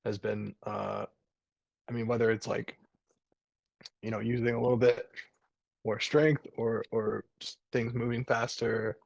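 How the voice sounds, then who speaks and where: A man's voice: medium pitch, little pitch movement, unhurried, creaky, pauses often, dry recording, lo-fi sound. A man, a jiu-jitsu brown belt, chatting casually over a video call, rambling with lots of fillers and restarts.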